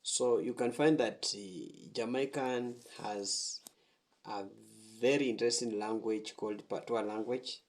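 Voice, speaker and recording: A man hosting a reaction video, explaining in slow, repetitive phrasing. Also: on the low side. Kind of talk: reaction commentary.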